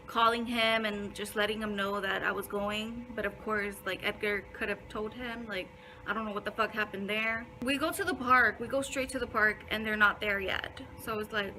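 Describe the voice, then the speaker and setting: A woman's voice: on the high side, fairly even intonation, moderate pace, bright, forceful tone, slight background noise, poor audio. A young woman telling a casual storytime in a blunt way, swearing a lot and filling her talk with "like". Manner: blunt, heavy swearing, many fillers. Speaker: vlogger.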